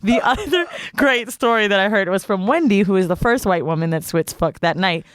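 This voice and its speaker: A woman's voice: mid-range voice, animated, brisk, smooth, dry recording. A woman podcast host tells a wild story in a loose, profane way, often slipping into other people's lines as she goes. Her voice sits in a middle range and sounds close and dry, with no room around it. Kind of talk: casual storytelling chat.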